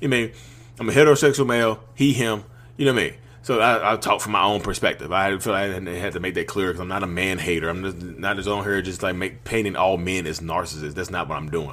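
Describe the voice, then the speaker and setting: A man's voice: low voice, fairly bright tone. A man giving informal advice in a casual, conversational monologue, full of slang and frequent "you know what I mean?" tags. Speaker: vlogger and podcaster.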